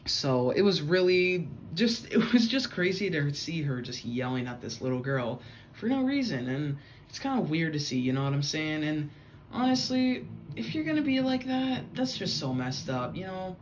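Young man, vlog story time, rambling, slightly high voice, says bro a lot. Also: big pitch swings, normal speed, slight background noise. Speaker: vlogger.

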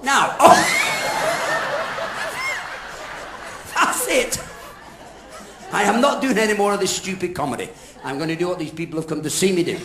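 A man's voice: sits high, lively intonation, brisk, a crowd in the background. An older man performing as the straight man of a live comedy double act, scolding his partner in a mock-stern, exasperated way. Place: large theatre stage before a laughing audience. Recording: echoey live theatre recording with audience noise.

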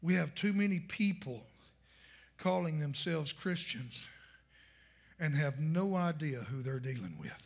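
A male pastor, preaching a fiery sermon and shouting his points. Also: on the high side, lively intonation, measured pace, gravelly, long pauses, slightly rough.

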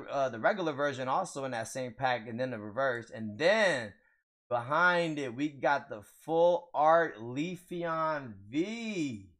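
A man's voice: fairly high pitch, a bit bright. A young man casually opening trading card packs for his viewers, hyped and slangy, laughing often. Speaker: card pack opener. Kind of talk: casual pack-opening vlog.

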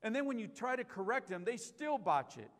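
A man's voice: high voice, big pitch swings, brisk. A man preaching a sermon as pastor, emphatic, repeating key lines and asking the congregation questions. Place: church sanctuary. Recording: live stream with long hall reverb.

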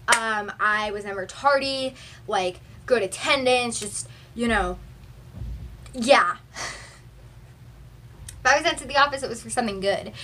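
Bright-voiced young woman telling a story. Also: on the high side, far from the mic. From Texas. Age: young adult. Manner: chatty and animated, heavy use of "like". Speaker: vlogger. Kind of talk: storytime vlog. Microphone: phone camera.

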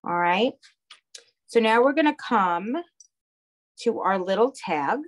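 A woman's voice: mid-range voice, animated, slow. Woman, heavy Long Island accent, craft instructor, chatty live-class delivery. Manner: chatty, checks in with "okay?" and "all right".

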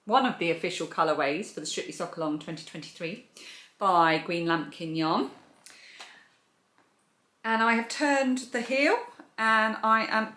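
Her mid-range voice has a sharp edge as she enthusiastically chats through her knitting and crochet projects. It's a casual show-and-tell vlog from her crochet and knitting channel, captured in an echoey room.

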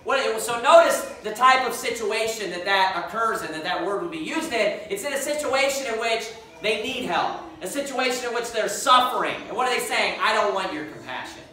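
Man, preacher, emphatic sermon, bright voice, booming church echo, distant mic. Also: animated. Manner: emphatic, repeats points and verse references; reads scripture aloud slowly. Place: church sanctuary.

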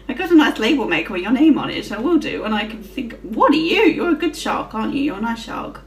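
A woman's voice: on the high side, big pitch swings, brisk, distant mic. A woman giving casual gameplay commentary, swearing freely and giggling often as she plays. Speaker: gaming channel host. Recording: roomy with faint music.

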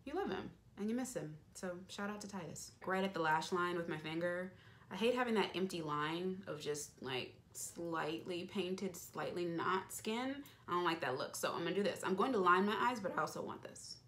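A woman's voice: mid-range voice, a bit bright. A young woman beauty vlogger chatting playfully as she narrates each step of her makeup routine. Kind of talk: casual makeup tutorial chat.

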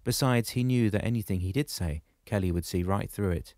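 This is scripted audiobook narration: a man with a lowish voice reads a novel in a measured, even storytelling manner. The recording is dry and studio quality.

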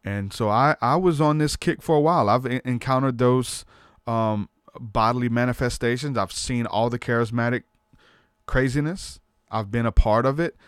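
A man's voice: mid-range voice, normal speed, clear, resonant tone, no echo. Earnest man telling a testimony, dry close sound. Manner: earnest, storytelling, peppers speech with "man". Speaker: podcast host. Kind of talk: personal testimony in casual talk.

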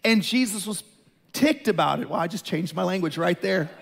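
A middle-aged male pastor preaching a sermon, telling the story with animated, building emphasis. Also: sits high, normal speed, creaky, husky.

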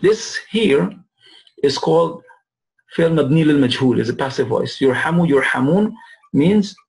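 A male teacher with a gravelly, fry-edged voice walks students through Arabic verb forms. He checks in often with "right?" and draws out each Arabic word slowly so they can repeat it. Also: fairly high pitch, animated, a little mellow, rough recording. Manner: repeats phrases and asks "right?" to check understanding; drawls Arabic words slowly to model pronunciation. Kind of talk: classroom lesson.

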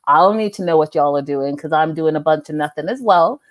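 A woman hosting a podcast in casual chat, telling gossip in an animated, exclaiming way. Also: low voice, a little fast. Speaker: podcast host.

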